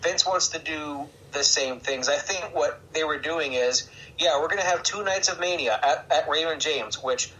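A man hosting a podcast, chatting casually and excitably about wrestling and laughing often. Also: a little high, normal speed, few pauses, poor audio. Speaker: podcast host. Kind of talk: casual chat.

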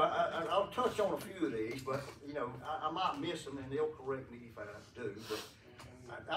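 A man giving a folksy funeral eulogy in a church, telling rambling stories and chuckling often, with many fillers. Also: on the high side. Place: church sanctuary. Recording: echoey room from a distant mic.

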